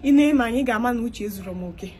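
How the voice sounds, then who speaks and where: A woman's voice: a little high, lively intonation, very fast, a little mellow, a little hiss or hum. A young woman with a Nigerian Igbo-inflected accent, performing a comedic skit monologue. She begs and pleads, repeats herself, and slips between English and Igbo.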